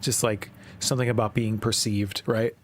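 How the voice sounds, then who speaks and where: A man's voice: lowish voice, flat delivery, moderate pace. A man hosting a livestream to announce contest winners, hesitant and self-conscious, with lots of ums. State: nervous, dry mouth. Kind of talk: casual livestream chat.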